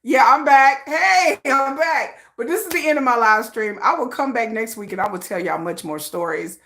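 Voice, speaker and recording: A woman hosting a casual livestream from home, telling a story in animated, slangy talk and acting out the voices of other people. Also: a little high, normal speed. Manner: animated, slangy, acts out quoted voices with laughs. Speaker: livestream host.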